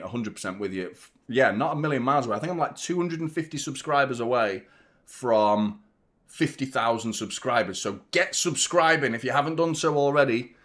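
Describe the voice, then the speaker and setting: Guy hosting a footy watchalong, chatty and nervy, giving shout outs to chat. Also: mid-range voice. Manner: chatty and excitable, nervous before the match. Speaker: host of a football fan channel. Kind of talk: live watchalong chat reading viewer messages. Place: hot glass-walled room.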